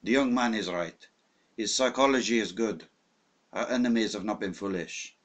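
A man voicing a wise older French officer who speaks slowly and tells a tale in a measured way. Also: lowish voice, lightly acted. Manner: slow, measured storytelling.

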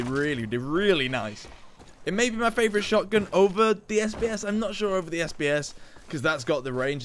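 Chatty young guy doing game commentary, a bit high voiced, little hiss behind. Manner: chatty and excitable, laughing at his own jokes. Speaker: gaming YouTuber. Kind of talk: casual gameplay commentary.

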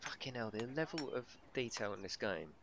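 A man's voice: medium pitch, lively intonation, brisk, background noise. Chatty man streaming a game. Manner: chatty, swears freely, laughs often. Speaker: gaming livestreamer. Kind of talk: casual live gameplay commentary.

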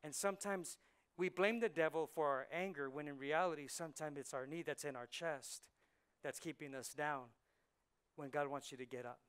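A male pastor preaching a sermon, moving between hushed, intense passages and loud, driving preaching, and slipping Spanish words into his English. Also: fairly high pitch, moderate pace, clean tone. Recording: church sermon on a live mic.

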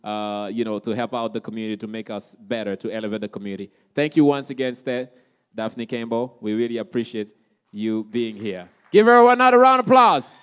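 A man from Haiti, emceeing a community college event with lively, crowd-rousing energy. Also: mid-range voice, brisk, smooth. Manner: energetic, hypes up the crowd, calls out questions.

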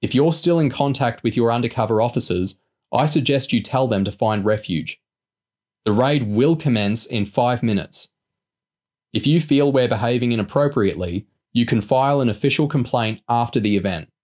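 A man's voice: mid-range voice, moderate pace, a little mellow, close to an everyday voice. A man voicing a stiff, blunt male government officer in an audiobook reading.

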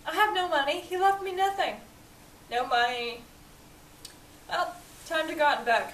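A woman's voice: high-pitched, animated, moderate pace, fairly bright tone. A woman playing a spoiled, petulant young boy earl in a fan cosplay skit, with a whiny, ranting manner. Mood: disgusted. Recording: echoey room, voice from a distance, faint hiss.

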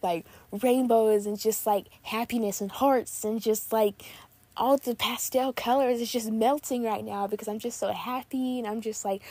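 A young woman chats on her podcast in a bubbly, gushing way, with "literally" and "like" in almost every sentence. Her voice is mellow and warm. It sounds dry and close, with no room echo. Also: medium pitch. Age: young adult. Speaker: podcast host. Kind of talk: casual podcast chat.

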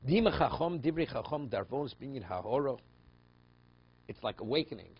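A rabbi with a medium-pitched, husky voice teaches a text study class in an animated, slightly fast way, explaining passages phrase by phrase. He tells stories conversationally with frequent restarts, in a dull lo-fi class recording.

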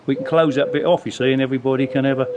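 A man's voice: medium pitch, fairly even intonation, racing, highs cut off. Older man with a North Essex accent. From North Essex, England. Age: 60s. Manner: folksy, rambling storyteller with dry humour. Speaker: local resident being interviewed. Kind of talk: casual street chat. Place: outdoors on a town street. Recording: outdoor street with passing traffic.

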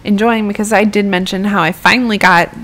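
A woman's voice: medium pitch, fairly even intonation, a little fast, fairly bright tone. A young American woman giving casual, rambling gameplay commentary and swearing freely as she plays. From United States. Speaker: gaming YouTuber.

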